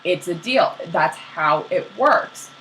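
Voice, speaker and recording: A young woman casually retelling myths as a podcast co-host, slangy and animated, acting out the characters. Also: lowish voice, takes it slowly, slight background noise, poor audio.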